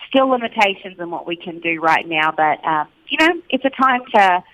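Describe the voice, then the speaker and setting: Woman, Australian accent with American edges, chatty, laughs a lot, lowish voice. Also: normal speed, low-quality recording. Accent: Australian, partly Americanized. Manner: chatty, laughs often, lively. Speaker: country singer guest. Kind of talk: casual interview chat.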